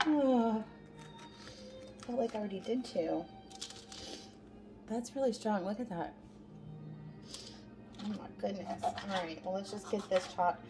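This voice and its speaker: Chatty woman hosting a home cooking show. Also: medium pitch. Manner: chatty, narrates each step aloud. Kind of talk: casual cooking demonstration. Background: background music.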